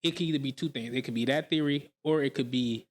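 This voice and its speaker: A man co-hosting a podcast in casual chat, who gets animated and rises in pitch when pressing a point. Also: fast talker. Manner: animated, rising excitedly when making a point. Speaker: podcast co-host.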